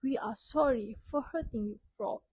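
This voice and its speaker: A woman's voice: a little high, normal speed, a little mellow, husky, rough recording. A woman voicing a protective mommy mouse. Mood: sorry. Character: mother mouse, protective and scolding.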